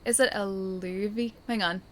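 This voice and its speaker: A woman's voice: medium pitch, steady tone, moderate pace, slight background noise. A woman streaming a game live, chatting playfully with her viewers and joking as she plays. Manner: playful, chatty, jokey asides.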